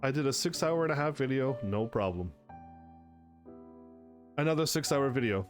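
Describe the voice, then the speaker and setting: A man's voice: mid-range voice, animated, normal speed. Rambling male gamer reminiscing over faint music. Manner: rambling, stammering restarts, bursts of laughter. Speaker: channel host. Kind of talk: casual reminiscing commentary over old videos.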